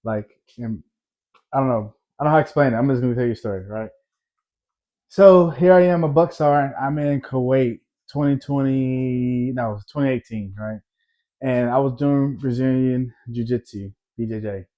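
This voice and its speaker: Man with a dark, dull-sounding voice telling a rambling story. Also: medium pitch, moderate pace. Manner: rambling, conversational, frequent "right?" tags. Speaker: storyteller, army veteran. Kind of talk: casual storytelling to camera.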